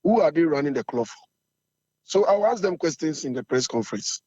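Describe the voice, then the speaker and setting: Hoarse, fiery Ghanaian man. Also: fairly high pitch, animated, fairly quick, mellow, no room sound, dull audio. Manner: assertive, fiery, repetitive. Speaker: supporters' group chairman.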